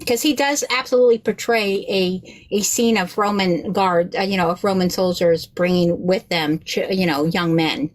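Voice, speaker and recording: A woman chatting casually on a podcast, an animated storyteller who acts out the voices she quotes and swears freely. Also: on the low side, normal speed, few pauses. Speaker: rabbi and podcast guest.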